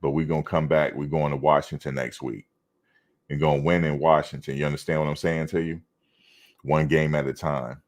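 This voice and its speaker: A man's voice: rumbling low, little pitch movement, fairly quick. A man hosting a casual fan livestream, chatting loosely and teasing commenters. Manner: laid-back, teasing chat commenters. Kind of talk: casual chat reading live comments.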